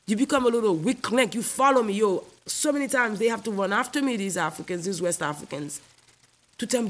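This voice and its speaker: A woman's voice: mid-range voice, expressive, a little fast. A woman comedian, delivering a confrontational comic rant in a haughty, scolding, imperious manner. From Haiti.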